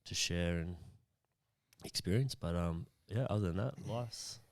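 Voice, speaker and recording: A deep, low-pitched Australian man co-hosting a podcast in casual chat. He talks in a laid-back, rambling way, with plenty of ums and easy pauses. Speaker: podcast co-host.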